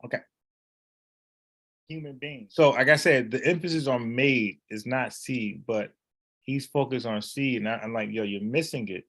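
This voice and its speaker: A man, debating and explaining a Bible word in casual, animated talk, often restarting his phrases. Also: mid-range voice, measured pace, long pauses. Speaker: online Bible teacher.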